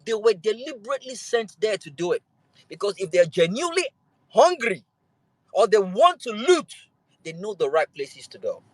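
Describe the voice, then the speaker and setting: A man's voice: high-pitched, sing-song, normal speed, no room sound, rough recording. A man giving an impassioned speech on a live audio chat, building his points through repeated rousing lines. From Nigeria. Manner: rousing, repetitive oratory. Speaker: speaker on a live audio space.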